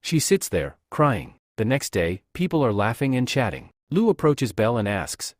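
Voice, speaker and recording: A man narrating a scripted comic recap in a steady storytelling manner. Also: mid-range voice, moderate pace, dry recording, studio quality.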